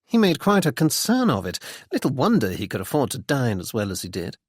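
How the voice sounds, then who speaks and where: Brief: male narrator playing a bland, needling gentleman, lively lilt, close dry mic. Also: mid-range voice, fairly quick, slightly rough, dry recording. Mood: ironic. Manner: dry, ironic, politely needling. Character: wry young gentleman sleuth, bland and teasing.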